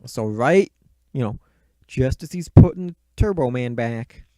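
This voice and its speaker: A man's voice: mid-range voice, expressive, measured pace, mellow, dry recording. A man casually recapping a movie plot in a rambling, profane, offhand way. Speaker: movie reviewer.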